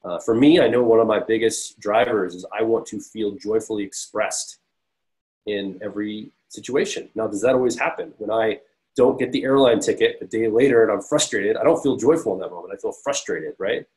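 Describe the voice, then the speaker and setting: Fast-talking, low-voiced man giving earnest advice. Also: darkish tone, poor audio. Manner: earnest, self-reflective, explains with personal examples. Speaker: personality coach and podcast co-host. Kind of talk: casual advice talk to camera.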